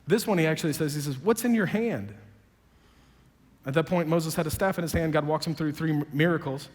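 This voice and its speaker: A man with a high-pitched voice delivers a sermon, emphatic and swinging between quiet low passages and loud raised ones. He throws in sarcastic, joking asides. His voice carries a long reverb, as if he is in a large church auditorium. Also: fairly quick. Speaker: pastor. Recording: long reverb of a big hall.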